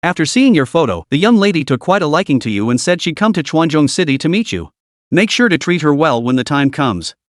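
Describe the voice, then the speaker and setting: A man doing an excited mother. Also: on the high side, a little fast, no echo, clean studio sound.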